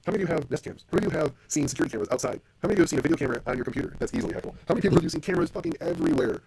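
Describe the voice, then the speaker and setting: A man's voice: fairly high pitch, expressive, very fast, gravelly, heavy background noise. A middle-aged man hosting a casual solo podcast, blunt and profane as he rants about business. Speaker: podcast host.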